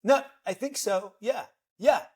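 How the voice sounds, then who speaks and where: A middle-aged man, an actor guest, telling a lively, playful anecdote on a podcast. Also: high-pitched, a little slow, breathy edge. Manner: lively storyteller, playful, self-deprecating.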